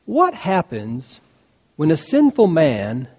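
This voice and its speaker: A man's voice: a little high, wildly swooping pitch, takes it slowly, a little mellow, husky. A man preaching a sermon, retelling a story and acting out its dialogue with rising intensity. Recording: hall reverb.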